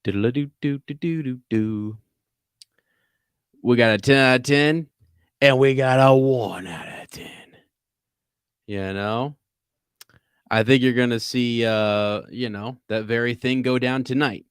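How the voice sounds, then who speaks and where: A man's voice: medium pitch, fairly even intonation, measured pace, smooth, no echo, clean studio sound. A man hosting a call-in podcast in casual chat, playful and goofy. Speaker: podcast host.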